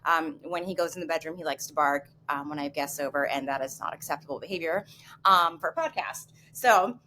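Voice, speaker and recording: A woman's voice: deep voice, fairly quick, bright, forceful tone, slight background noise. A woman hosting a podcast from home, chatting casually in a giggly, self-deprecating way. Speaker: podcast host. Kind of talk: casual chat. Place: home living room.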